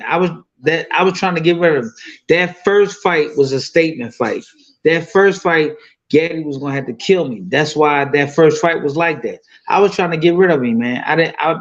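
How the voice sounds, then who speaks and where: A man's voice: a little high, dull audio. A man in his fifties telling a fight story in loose, profane casual talk full of fillers. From United States. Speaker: boxing guest.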